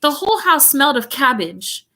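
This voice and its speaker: Woman teacher, read-aloud, giggly asides, bright lively voice. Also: high-pitched, normal speed. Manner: giggly, chatty, playful asides.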